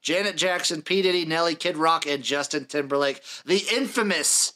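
Bright-voiced young man hosting a podcast. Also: fairly high pitch, normal speed. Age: late 20s. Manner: runs the list, reads dates and acts in turn, dry jokes. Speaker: podcast host. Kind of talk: casual sports podcast chat.

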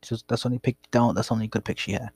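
A man's voice: medium pitch, fairly even intonation, racing, creaky, darkish tone, husky, no echo. A young man casually telling a rambling, profane story about his past. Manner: rambling, profane, laid-back.

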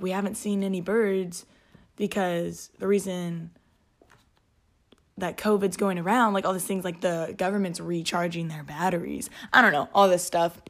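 A woman hosts a casual solo podcast from her home. She rambles in a chatty way, full of fillers and restarts, and is clearly amused by her own jokes. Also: lowish voice. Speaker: podcast host. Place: at home, alone.

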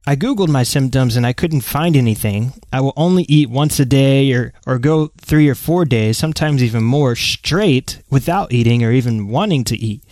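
A man's voice: medium pitch, normal speed, few pauses, darkish tone, no echo, studio quality. A man co-hosting an advice show, reading a listener's letter aloud in a plain, matter-of-fact way.

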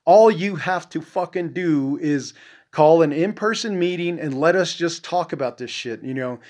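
A man's voice: a little high, moderate pace, a little mellow. A man hosting a podcast in an angry, profane, rambling monologue, full of "you know" fillers, his voice dropping and trailing off at the ends of phrases. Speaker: podcast host. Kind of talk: casual monologue.

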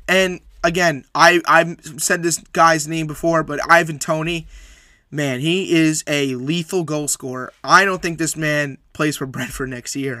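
A man's voice: on the high side, bright, forceful tone, no echo, studio quality. A man hosting a solo sports podcast, recapping match results and making emphatic, opinionated predictions that he repeats for weight.

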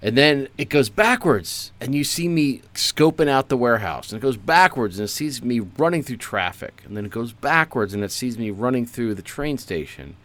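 A man co-hosting a podcast, telling playful deadpan stories in casual comedic chat. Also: medium pitch, moderate pace, few pauses. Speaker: podcast co-host.

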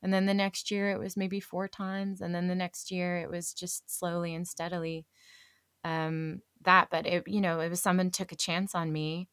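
A low-pitched American woman from California talks fast and brightly as a podcast guest, full of restarts and little laughs. Her voice is recorded close and dry, with no room sound. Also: smooth, no echo. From California, USA. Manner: quick, animated talker with frequent restarts and laughs. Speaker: guest, actor and voiceover artist. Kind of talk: casual podcast chat.

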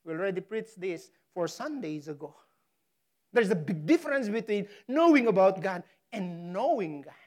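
A woman preaching a sermon, stressing key words hard and pausing for effect. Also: medium pitch, big pitch swings, darkish tone. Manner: emphatic, dramatic pauses on key words; slow, deliberate delivery. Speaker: pastor.

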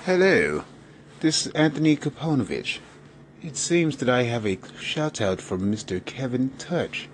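A man's voice: medium pitch, very animated, measured pace, slight background noise. A man calling in with a playful mock-formal, put-on British manner. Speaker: caller.

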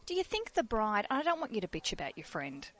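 A woman hosting a podcast in casual chat, playful and chatty with quick asides. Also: mid-range voice, wildly swooping pitch. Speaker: podcast host.

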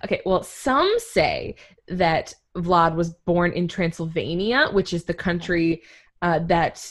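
Young woman, podcast co-host, chatty history storytelling, slightly low voice, laughs often. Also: expressive, slow pace. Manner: giggly, self-correcting, chatty. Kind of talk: casual chat, history storytelling.

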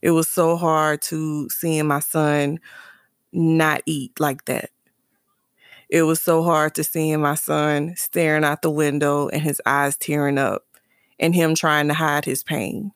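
A woman's voice: sits low, little pitch movement, takes it slowly, smooth, no room sound, clean studio sound. A woman candidly telling a personal story about her son and his father, earnest and emotional, often restarting and repeating phrases. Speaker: mother sharing a personal story.

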